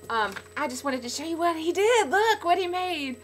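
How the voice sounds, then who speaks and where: Woman, middle-aged, casual vlog, bubbly and effusive, bright tone, a bit high. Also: normal speed. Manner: bubbly, gushing, swings between loud excitement and soft sincerity. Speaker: podcast regular speaking to fans. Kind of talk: casual video blog.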